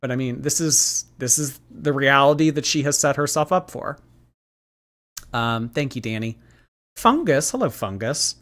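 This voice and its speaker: A man's voice: medium pitch, moderate pace. Chatty gossipy male livestream host. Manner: chatty, gossipy, animated with frequent fillers. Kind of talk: casual livestream commentary, reading viewer messages.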